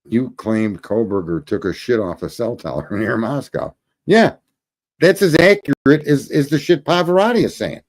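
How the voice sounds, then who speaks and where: Profane ranting man, lively pitch. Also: moderate pace. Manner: profane, combative, scolding chat commenters. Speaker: livestream host. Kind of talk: ranting livestream commentary.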